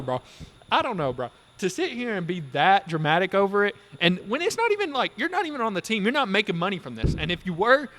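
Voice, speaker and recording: A man's voice: high voice, pushed and bright. A man co-hosting a casual sports podcast, ranting passionately with lots of slang and laughs. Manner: fired-up, ranting, says bro a lot. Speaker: podcast co-host.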